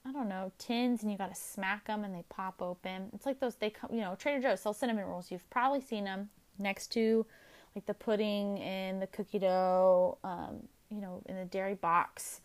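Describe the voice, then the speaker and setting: A woman's voice: mid-range voice, steady tone, normal speed. A young adult woman hosting her own podcast, chatting casually in a rambling, self-deprecating way. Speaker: podcast host. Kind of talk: casual solo podcast chat.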